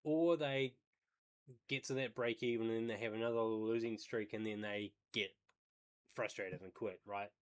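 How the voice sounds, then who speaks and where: A man's voice: lowish voice, steady tone, normal speed. A man who day trades, livestreaming and thinking aloud as he comments on a video, hedging and explaining as he goes.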